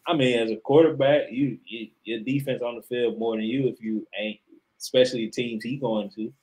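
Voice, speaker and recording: A man's voice: mid-range voice, steady tone, moderate pace, a little mellow, low-quality recording. A man co-hosting a sports podcast, talking in a casual, emphatic and profane way as he argues his opinion. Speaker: podcast co-host.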